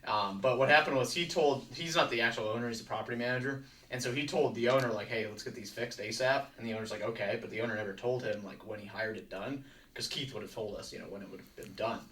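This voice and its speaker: Young guy co-hosting, bright voice, lively storytelling, mic a bit far off. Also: mid-range voice, fast talker. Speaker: co-host. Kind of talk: casual chat. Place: studio. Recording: slightly distant mic, faint noise.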